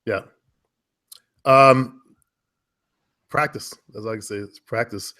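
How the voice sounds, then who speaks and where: A man with an American accent, chatting casually and giving relaxed, talkative advice about voice work. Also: mid-range voice, slow. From United States. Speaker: guest, former radio and commercial voice talent. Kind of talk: casual conversation.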